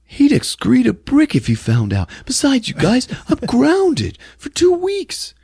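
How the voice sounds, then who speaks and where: A man voicing a whiny, sulky teenage boy who complains in a high, shrill tone. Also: wildly swooping pitch, measured pace, gravelly, a little mellow, slightly rough, no room sound, clean studio sound, heavily acted.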